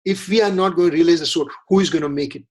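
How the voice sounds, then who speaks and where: A man's voice: a little high, rapid-fire, darkish tone. A man leading a religious scripture study class, earnest and repetitive, often asking rhetorical questions.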